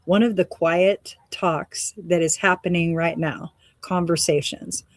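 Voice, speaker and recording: Slightly slow and steady in tone, this woman's lowish voice guides a reflective, wandering meditation talk where she also does energy readings. She laughs often and seems a little breathless, and the studio-quality recording is dry.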